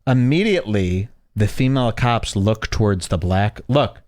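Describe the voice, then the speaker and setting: A man hosting a podcast, casually reacting to a video clip in an animated, excitable way, laughing often. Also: lowish voice, moderate pace. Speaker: podcast host.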